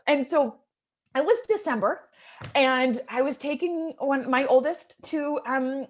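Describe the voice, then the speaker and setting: A woman in her thirties who invests in real estate shares an earnest, emotional personal story with an audience. Her high voice is unhurried, and her telling swings from hushed moments to excited ones.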